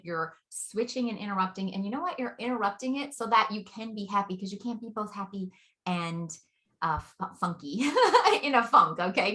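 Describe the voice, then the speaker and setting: A woman's voice: medium pitch, lively intonation, normal speed, bright, forceful tone. A woman co-hosting, talking to viewers in an upbeat, enthusiastic way. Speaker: co-host. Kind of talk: casual chat.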